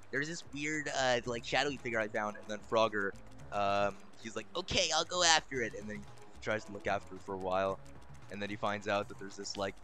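A young man streaming a game, swearing constantly and bursting into exasperated shouts. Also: sits low, a little hiss or hum. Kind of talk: live gaming commentary.

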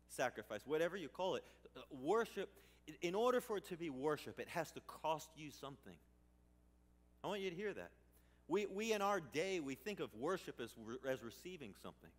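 A male pastor delivers a sermon from a church sanctuary. He talks in a conversational way and climbs into emphatic, raised bursts, with a voice sitting a little high for a man. A long hall reverb trails after his words.

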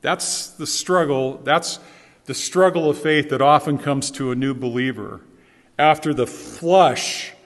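A man's voice: a little high, a little slow. A man preaching a sermon as pastor, earnest and emphatic, repeating his key phrases for weight. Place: church sanctuary. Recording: long church reverb.

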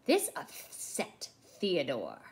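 A woman childcare teacher reading a picture book aloud to young children in an expressive storytelling voice. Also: sits low, drawn-out words.

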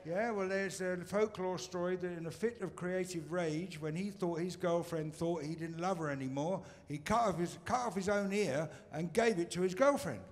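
A man's voice: high-pitched, moderate pace, hardly any pauses. A man from Britain performing a stand-up routine on a comedy stage, teasing the crowd in a dry way.

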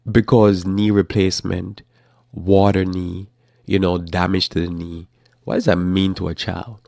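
Deep gravelly man giving an animated talk. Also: no echo, clean studio sound. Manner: animated, acts out parents and children in quick asides. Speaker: Bible teacher hosting a live talk program. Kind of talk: informal live sermon-style talk.

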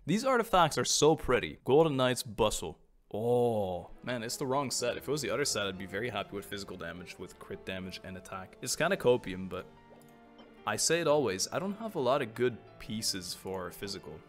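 A man's voice: fairly low pitch, sing-song, a little fast, soft background music. A man giving casual, chatty commentary on his gameplay, joking and laughing often. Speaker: gaming streamer.

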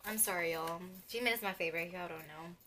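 A young woman, unboxing an album as a vlogger and gushing like an excited fan, with squeals and gasps between chatty asides. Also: lowish voice, quick pace, a little hiss or hum.

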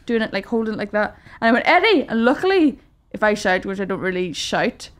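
A woman, a podcast guest telling animated stories in casual chat. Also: mid-range voice. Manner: fast, animated storytelling about her toddler.

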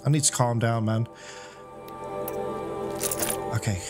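A man giving casual commentary while playing a video game blind, excitable, swearing and laughing, yelping in panicked moments. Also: medium pitch, fast. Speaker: gamer playing a blind let's play. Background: game music.

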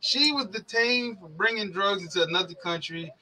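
A man's voice: high-pitched, moderate pace, bright, forceful tone, rough recording. A young man co-hosting a casual sports podcast, heated and profane, ranting and laughing as he talks. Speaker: podcast co-host.

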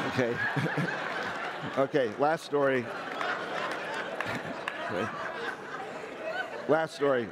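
A man's voice: medium pitch, takes it slowly, long pauses, long reverb tail, over a noisy crowd, very noisy. A man telling funny personal stories on stage, self-deprecating and playful. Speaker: speaker. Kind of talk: storytelling talk on stage. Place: large hall.

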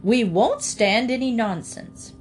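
A woman's voice: fairly high pitch, slow pace, slight background noise, pitched above the performer's own voice. A woman voicing a sturdy, sensible female cow who leads the farm animals in a storybook reading. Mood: firm. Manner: firm, practical, calm.

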